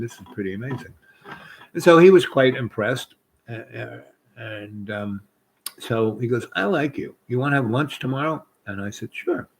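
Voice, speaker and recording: A man's voice: on the low side, slight background noise, poor audio. A man casually telling a long personal story, rambling with fillers and quoting others.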